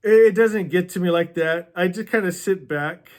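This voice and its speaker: A man's voice: high-pitched, normal speed. A man hosting a book club video, chatting earnestly about a novel and reading passages aloud, laughing often.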